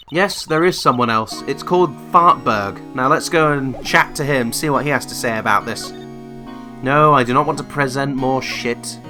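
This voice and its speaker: A man playing through a video game and mocking it in sarcastic, sweary asides. He talks slowly, with a bright, edgy tone. Faint music plays behind him. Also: mid-range voice. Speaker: video game let's player. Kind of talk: sarcastic gameplay commentary.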